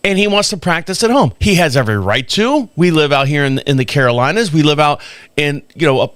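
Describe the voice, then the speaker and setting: A man's voice: fairly high pitch, a little fast, no room sound. A man hosting a podcast live stream, telling stories in a casual way, chuckling and acting out the dialogue. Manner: animated, chuckles, acts out dialogue. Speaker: podcast host.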